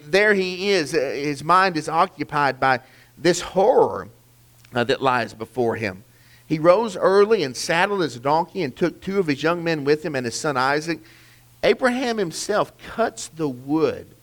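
A man's voice: on the high side, a bit bright. A man preaching a sermon, earnest and emphatic, asking rhetorical questions and restarting phrases as he works through the passage. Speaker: pastor.

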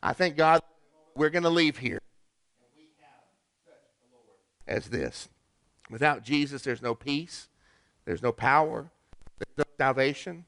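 A man preaching with an earnest, halting delivery, pausing and restarting as he builds his points. His voice sits a little high for a man. The sound is dry and close, with no room echo. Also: fairly bright tone, clean tone. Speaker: pastor. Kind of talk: sermon.

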